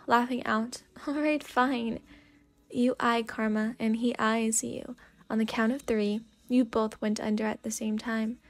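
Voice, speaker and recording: A woman softly reading a second-person story in a sleepy whispered role-play. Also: fairly high pitch. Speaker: fanfic reader.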